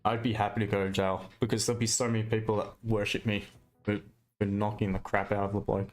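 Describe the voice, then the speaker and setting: A man's voice: fairly low pitch, level tone, quick pace, faint music behind. Blunt Australian man ranting on a stream. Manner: blunt and ranting, with mild swearing. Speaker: live trading streamer. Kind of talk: casual live-stream chat.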